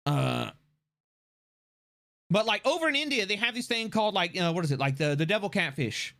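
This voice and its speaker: Dude on a live stream cussing and laughing, high bright voice. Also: male voice, moderate pace, vocal fry. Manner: animated, profane, laughing often. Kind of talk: casual live-stream chat.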